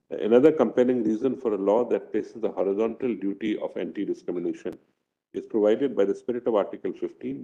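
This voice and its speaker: Indian English man, low dark voice, formal measured judgment reading, dull lo-fi feed. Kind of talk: reading a court judgment aloud. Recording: dull lo-fi courtroom broadcast.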